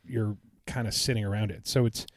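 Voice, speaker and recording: A man's voice: lowish voice, fairly even intonation, fairly quick, no room sound, studio quality. A man co-hosting a podcast, recounting his trip in a casual, enthusiastic, rambling way. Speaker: podcast co-host. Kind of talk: casual chat.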